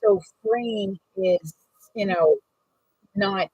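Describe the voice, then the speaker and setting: A woman's voice: mid-range voice, very slow, darkish tone, breathy edge, dry recording, distant mic, dull audio. A woman in a casual sewing tutorial, rambling and correcting herself as she works. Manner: chatty, rambling, self-correcting while working. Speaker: bag maker demonstrating sewing.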